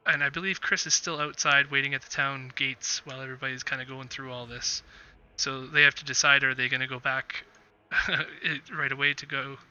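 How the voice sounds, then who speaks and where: Bright-voiced man running a tabletop game. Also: fairly high pitch, clean tone, highs cut off. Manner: rambling, with many fillers. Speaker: game master.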